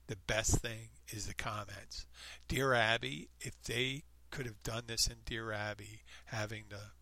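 A man reading a comic story aloud in a deadpan, playful way, acting out the quoted lines and adding his own remarks. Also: fairly low pitch, no echo. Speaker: reader of online posts.

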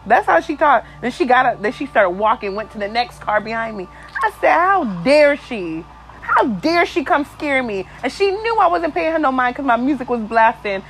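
A woman hosting a podcast, telling a story in a casual, animated and crude way, with plenty of swearing. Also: on the high side, brisk, few pauses, slight background noise, rough recording. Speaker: podcast host.

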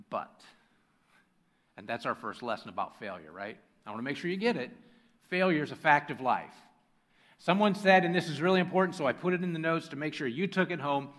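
A man's voice: a little high, a bit bright. A man preaching a sermon as pastor: he reads scripture aloud, then speaks directly to his congregation. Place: church sanctuary with a congregation.

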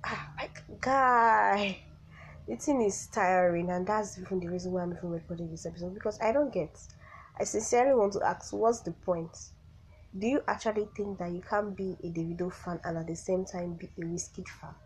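A woman's voice: fairly low pitch, fairly even intonation, brisk, darkish tone, slight background noise, rough recording. A young woman who is sick, hosting her own podcast in a chatty, rambling way with exasperated asides. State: sick, voice affected. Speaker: podcast host. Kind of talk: casual solo podcast chat.

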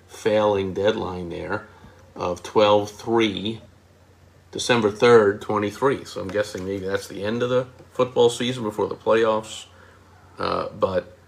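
A man's voice: lowish voice, creaky. A man, a marketing consultant, critiquing advertising copy in a casual explainer, punching key words with emphasis and mocking asides.

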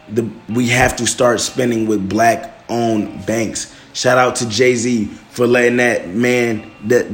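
A young man hosting a casual podcast monologue, loose and emotional, full of slang and "man" and "bro". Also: mid-range voice. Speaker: podcast host.

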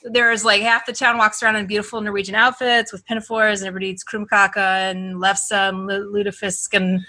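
A Wisconsin woman with an Upper Midwest American accent chats casually as a podcast guest. Her medium-pitched voice is level and sharp in tone, and she rambles, halts, and restarts her sentences often.

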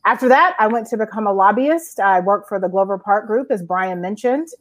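A woman in her forties from Georgia, recounting her career as an interview guest in a lively storytelling way with frequent fillers. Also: mid-range voice, brisk. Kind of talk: conversational storytelling.

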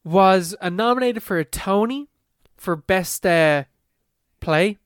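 Chatty young man, smooth voice. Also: sits high, slow, dry recording, studio quality. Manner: chatty, swears casually, many fillers. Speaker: podcast co-host. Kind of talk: casual chat.

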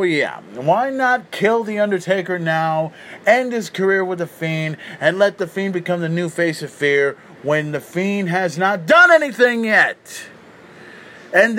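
A man's voice: sits high, lively intonation, unhurried, a bit bright, a little hiss or hum. A man hosting a podcast, giving a heated, opinionated rant with incredulous questions and stumbling restarts. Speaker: podcast host.

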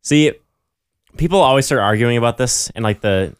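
A man's voice: mid-range voice, expressive, moderate pace, clean tone, dry recording, studio quality. A young man co-hosting a casual podcast, laid-back as he reads out listener takes and riffs on them. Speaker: podcast co-host. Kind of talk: casual chat, reading listener submissions.

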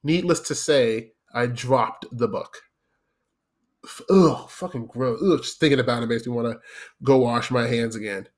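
A man's voice: medium pitch, moderate pace. Profane, laughing man telling a story. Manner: profane, laughs often, acts out others' lines. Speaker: podcast host telling a story. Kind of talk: casual comic storytelling.

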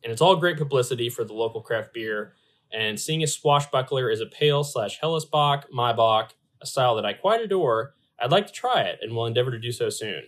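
A man's voice: mid-range voice, lively intonation, brisk, a bit bright. Man casually hosting a beer podcast. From Louisville area, US. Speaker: podcast host.

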